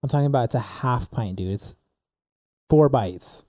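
Young dude rambling through a story on a podcast, says like a lot, super dark mellow voice. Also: male voice, medium pitch, moderate pace, dry recording, clean studio sound. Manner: rambling, animated storyteller with many "like"s. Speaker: podcast co-host. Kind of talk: casual storytelling chat.

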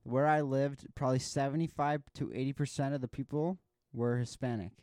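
A man's voice: medium pitch, steady tone, fairly quick, darkish tone, no echo. A young man from California in casual chat, laid-back and telling stories with lots of filler words and swearing.

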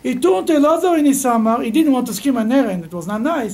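Animated man teaching a Torah class. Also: extremely high pitch. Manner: explains with rising animated emphasis, halting phrasing. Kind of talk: teaching a text study class.

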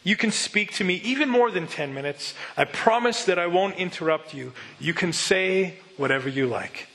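A preacher voicing an older former soldier weighed down by guilt, who repeats himself as he pleads. The tone is somewhat high and bright. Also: lively intonation, normal speed, in a large hall. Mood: cheerful. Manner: pleading, broken repetition. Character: remorseful older male ex-soldier, guilt-stricken.

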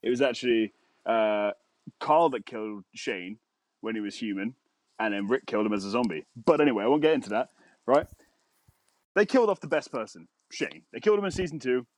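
A man's voice: lively intonation, brisk, no echo. A man co-hosting a podcast, rambling and swearing through casual banter. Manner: rambling, sweary, swings into high mocking voices. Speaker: podcast co-host.

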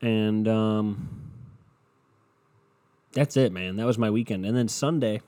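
Brief: young male podcast host, profane rambler, lowish pitch, soft dark tone. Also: takes it slowly. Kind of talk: casual solo monologue. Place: at home in bed with his dog. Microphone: home podcast mic.

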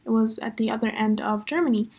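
A woman's voice: on the high side, fast talker, darkish tone, breathy edge. A young woman hosting a podcast, chatting casually through a personal story with lots of fillers. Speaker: podcast host.

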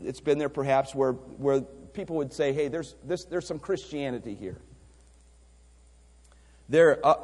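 A man's voice: on the high side, a little mellow. A man preaching a missions sermon, emphatic, asking rhetorical questions and repeating words as he goes. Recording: long hall reverb.

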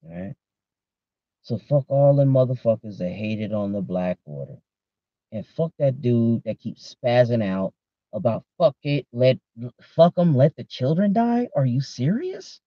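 A man's voice: medium pitch, animated, measured pace, dry recording. A man hosting a podcast, ranting in a casual, profane way and talking straight to his listeners on a dull lo-fi recording. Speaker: podcast host. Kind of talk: casual rant.

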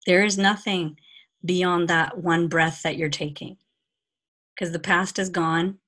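A woman guest giving spiritual advice in a measured, soothing way, repeating words for emphasis. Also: on the low side, fairly even intonation, fairly bright tone. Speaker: podcast guest, spiritual teacher. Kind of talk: calm guidance in conversation.

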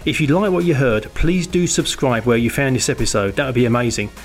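A man's voice: medium pitch, expressive, fairly quick. A man reading a scripted podcast outro. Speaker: podcast host. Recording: voice over background music.

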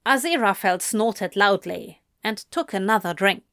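A woman reading a story aloud in an expressive, measured way. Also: medium pitch, dry recording, studio quality. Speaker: reader.

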